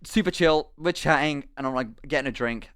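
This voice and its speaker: A young man chats to his stream with a slightly high voice, swearing and restarting his sentences as he rambles through a story. He sounds animated and casual, stepping off into asides as he goes. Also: a little fast, smooth. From England. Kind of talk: casual storytelling to a live chat.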